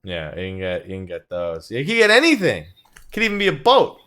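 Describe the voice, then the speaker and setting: A man's voice: on the low side, huge pitch swings, brisk, fairly bright tone, clear, resonant tone. A man hosting a casual gaming podcast, teasing his cohosts and laughing often. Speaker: podcast host.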